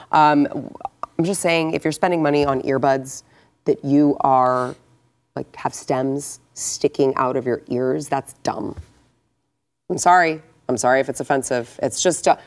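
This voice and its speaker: Low-pitched female host, casual and chatty. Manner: chatty, reads sponsor ad breezily. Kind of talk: casual political talk show.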